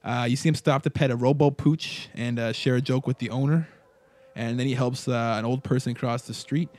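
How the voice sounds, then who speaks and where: A man's voice: mid-range voice, fairly even intonation, brisk, a little mellow. A man narrating a tabletop role-playing game as game master, casual and rambling.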